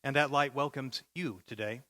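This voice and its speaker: A man's voice: medium pitch, moderate pace, pushed and bright. A male pastor preaching a sermon with vivid, dramatic storytelling.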